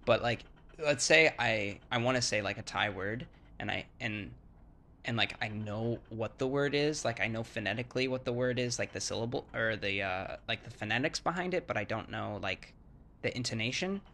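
Give me a chatty man with a bright, forceful voice who rambles with many fillers. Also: mid-range voice, normal speed, creaky, slight background noise. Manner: acts out word sounds to demonstrate. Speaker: English-speaking foreigner explaining Thai sounds. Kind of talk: casual chat.

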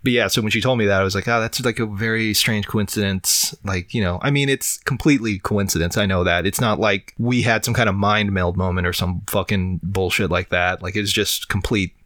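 A man's voice: low voice, fairly even intonation, brisk, few pauses, a bit bright, no echo, studio quality. A man with a fever, chatting casually as a podcast co-host, rambling with lots of fillers and casual swearing. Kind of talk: casual chat.

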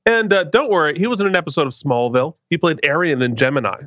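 A man's voice: a little high, fast talker, fairly bright tone, no echo, muffled recording. A man hosting a podcast, chatting casually in a wry, self-mocking way. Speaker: podcast host. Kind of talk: casual chat.

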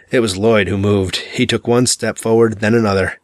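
A man reads a dark novel aloud in a measured, dramatic way. His voice sits on the low side. The sound is dry and close, with no room around it. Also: steady tone, dry recording. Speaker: audiobook narrator. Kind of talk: scripted narration.

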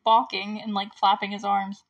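A woman's voice: medium pitch, flat delivery, moderate pace, highs cut off. Casual woman host with a mid-range voice, chatting through a movie recap with easy laughs. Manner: chatty, peppered with "like" and small laughs; often clears her throat.

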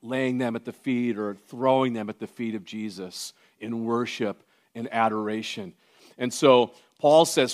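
A male pastor delivering a sermon in a mid-range voice. He drops to near-hushed, intimate tones, then climbs to loud, emphatic declarations. He talks casually to the congregation with joking asides. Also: medium pitch, measured pace.

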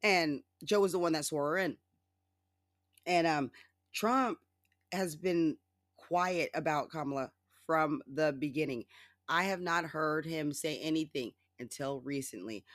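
A podcast host in a loose, sarcastic solo rant, cursing freely and laughing at their own jokes. The voice sits in a middle register and swoops high when mimicking others. The sound is close and dry, with no room around it. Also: fairly bright tone, no echo. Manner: sarcastic, profane and mocking. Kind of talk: casual solo political rant.

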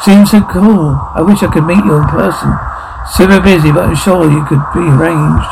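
A man performs a one-man audio drama, voicing every role himself. His voice sits high and has a gravelly edge with a mellow, dark tone. He moves between clipped military voices and plain talk. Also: moderate pace, slight background noise, low-quality recording.

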